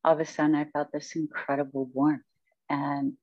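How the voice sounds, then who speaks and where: A woman's voice: sits low, level tone, moderate pace, no echo. A woman guest speaking in an interview, telling her life story in a reflective, rambling way with many fillers. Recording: dull, dry sound.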